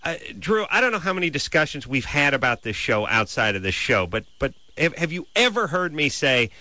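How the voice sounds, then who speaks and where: A man hosting a call-in radio show from a studio, nasal and wordy, arguing his points in a deadpan way. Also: on the high side, a little fast. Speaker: radio host. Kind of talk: late-night call-in radio banter. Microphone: studio mic.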